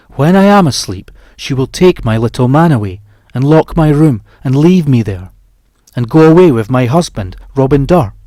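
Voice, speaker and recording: Dark-voiced man reading a horror audiobook. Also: medium pitch, no room sound. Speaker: audiobook narrator.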